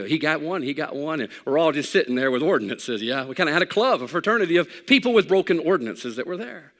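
Man, pastor, sermon, folksy storytelling, high pitched. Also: expressive, quick pace, hardly any pauses, fairly bright tone. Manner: folksy storytelling, emphatic and rising at key points. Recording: long hall reverb.

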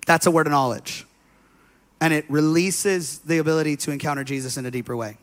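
A male pastor delivers a sermon in a slightly higher-than-usual voice. He tells stories conversationally, with plenty of fillers and loose asides. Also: fairly quick. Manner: conversational preaching, storytelling with many fillers.

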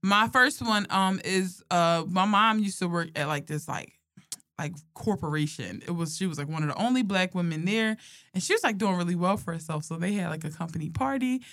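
A woman's voice: lowish voice, a little fast, no echo, studio quality. A young woman telling funny personal stories in casual chat, laughing often and swearing freely. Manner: animated, laughing, profane storytelling.

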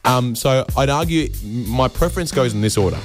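A man with an Australian accent hosting a comedy podcast, rambling sarcastically and jumping into high mocking voices when he quotes people. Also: animated, normal speed, over music. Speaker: podcast host.

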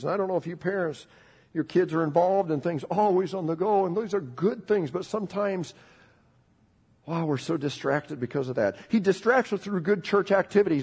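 A middle-aged man preaching a sermon in a husky, slightly breathy voice pitched a bit high. He builds emphasis as he goes and leads the congregation in call-and-response. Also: long reverb tail. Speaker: pastor.

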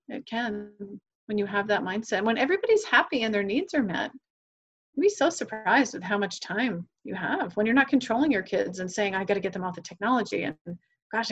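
A woman's voice: medium pitch, slightly rough. An enthusiastic woman telling stories on a podcast, voicing the people she quotes. Her voice sits in a middle register. The audio is slightly dull and lo-fi. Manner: earnest, enthusiastic, acts out quoted dialogue. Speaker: guest, parenting coach. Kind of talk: podcast interview, animated storytelling.

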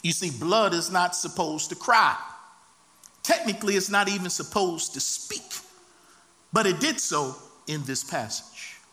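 A man's voice: sits high, a little slow, bright, forceful tone. A man preaching a sermon, reading scripture and rising into impassioned, dramatic cries.

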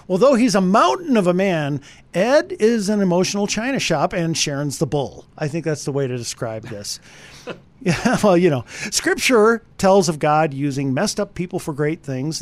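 Guy doing a radio movie review, lively up and down voice, kinda high, chatty, talks right at the listeners. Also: no echo. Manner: animated, talks straight to listeners.

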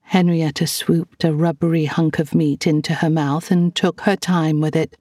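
A woman reading an audiobook in a measured, gentle narration. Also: sits low, steady tone, no room sound, studio quality. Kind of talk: scripted narration.

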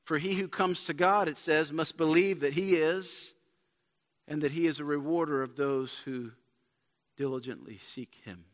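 A man's voice: a little high, moderate pace. A man preaching a sermon as pastor in a church, earnest and building to emphatic points. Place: church sanctuary. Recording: long church hall reverb.

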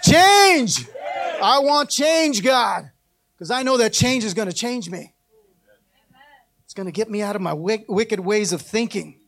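High-voiced preacher, shouting and singing. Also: male voice, moderate pace, long pauses, a little hiss or hum. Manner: preaches with call-and-response, rising to shouted, sung cries. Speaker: pastor. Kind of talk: sermon.

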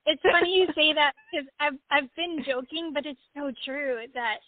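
A woman's voice: sits high, moderate pace, dry recording. A woman guest in a casual interview, upbeat and laughing often, heard over call audio. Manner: upbeat, laughs often, acts out animals' thoughts. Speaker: guest, horse wellness practitioner. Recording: tinny phone-like call audio, dry.

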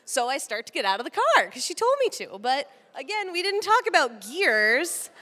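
A woman from Texas telling a comic story live, animated and laughing often. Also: high-pitched, moderate pace. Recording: long hall reverb.

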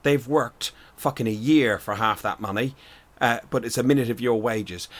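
A man hosting a casual podcast chat, forceful and swearing as he steers the talk. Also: mid-range voice, normal speed. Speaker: podcast host.

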